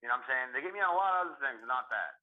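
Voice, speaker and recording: Male comedian co-host, rapid profane storyteller, phone-quality audio. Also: medium pitch, animated. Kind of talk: casual chat. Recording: tinny phone-line sound.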